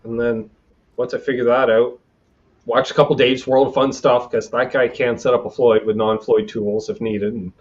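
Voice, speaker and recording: Heard over a video call with dull lo-fi stream audio, this Canadian livestream host has a mid-range, darkish voice with little pitch movement and a moderate pace. He rambles through salty stories in a casual chat, acting out people's quotes.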